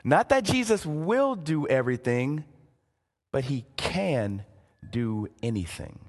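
A man preaching a sermon as a pastor, dramatic in delivery, dropping to hushed phrases to stress a point. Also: medium pitch, big pitch swings, slow, long reverb tail. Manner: dramatic, drops to near-hushed phrases for emphasis. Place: church sanctuary.

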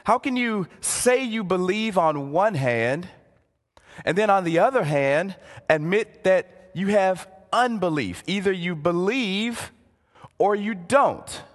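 A male pastor preaching with a high, lively, swooping voice and unhurried pace. He turns dramatic and sinks to near-hushed words for emphasis. His voice rings with the long reverb of a large church hall. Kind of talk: sermon. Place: church sanctuary.

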